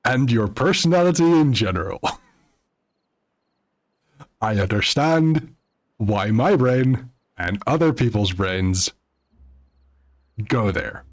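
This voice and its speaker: A man's voice: medium pitch, lively intonation. Chatty man streaming a game. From Netherlands. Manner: chatty, halting, with many fillers and restarts. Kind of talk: live gameplay stream chat.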